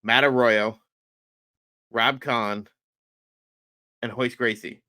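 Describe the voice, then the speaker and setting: A man with a bright, forceful voice tells stories on a podcast and acts out every quoted line. The sound is close and dry, with no room around it. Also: medium pitch, drawn-out words, dry recording. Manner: animated storyteller, acts out quotes. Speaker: podcast host. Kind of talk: casual chat.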